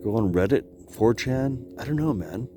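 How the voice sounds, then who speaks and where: A man rambling to his camera outdoors on a cold high lookout, laughing often and talking to himself. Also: animated, moderate pace, mellow, a little hiss or hum. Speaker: vlogger. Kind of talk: casual rambling vlog.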